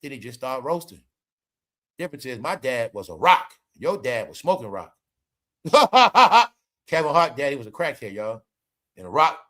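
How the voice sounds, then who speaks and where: Excited man riffing on celebrity gossip. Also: mid-range voice. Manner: animated, retells jokes in quoted voices, laughs often. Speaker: commentary host. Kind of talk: casual celebrity gossip commentary.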